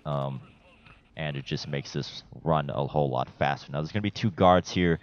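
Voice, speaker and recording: Very deep-voiced man narrating a game walkthrough. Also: moderate pace, lo-fi sound. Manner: laid-back and chatty, swears casually, rambles with fillers. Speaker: gameplay guide narrator. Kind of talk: casual gameplay walkthrough commentary.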